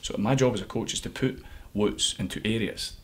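Male coach, low husky voice, earnest and searching in interview. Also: fairly even intonation, a little fast. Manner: earnest, thinking aloud with restarts. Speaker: assistant head coach. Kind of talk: interview answers.

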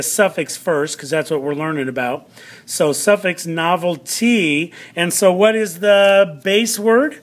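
A male teacher giving a vocabulary lesson to students, drawing out words slowly and checking in often. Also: a little high. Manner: slow, drawn-out word pronunciation with frequent "all right" check-ins.

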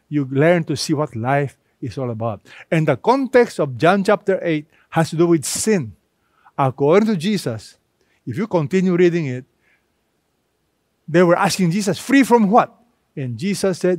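A man delivers a sermon in a somewhat high voice, leaning hard on repeated phrases and stretching key words with pauses. The sound is close and dry, with little room echo. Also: expressive, darkish tone. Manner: emphatic, repetitive preaching with dramatic pauses. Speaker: pastor.

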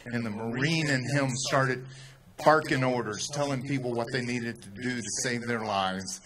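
A man with a Texan accent telling a story in a speech to a crowd, rising to loud, emphatic peaks. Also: mid-range voice, normal speed. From Texas. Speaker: speaker at a rally.

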